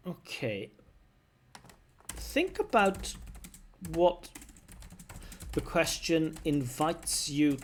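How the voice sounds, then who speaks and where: A man's voice: mid-range voice, slight background noise. A man giving spoken exam feedback as a language examiner, talking conversationally and explaining step by step.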